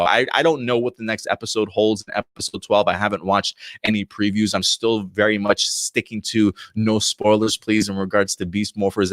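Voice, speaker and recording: A man's voice: fairly low pitch, a bit bright, no room sound. A man hosting a casual video review, talking enthusiastically and rambling, with lots of fillers and restarts. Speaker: host reviewing episodes and comics.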